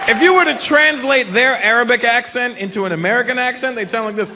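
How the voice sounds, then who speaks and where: A man in his fifties from Canada doing a stand-up comedy set in a large theater, animated and slipping into mocking put-on voices. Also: very high voice, fast talker, hardly any pauses. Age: 50s. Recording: live show with crowd noise. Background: laughing audience.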